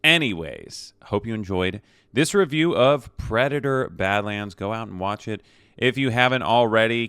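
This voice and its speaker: A man's voice: lowish voice, fairly bright tone, clear, resonant tone, dry recording. A man giving a casual movie review with spoilers, talking in a rambling, chatty way with lots of fillers and a habit of tacking "okay?" onto his points. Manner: rambling, chatty, many fillers and restarts, tags lines with "okay?".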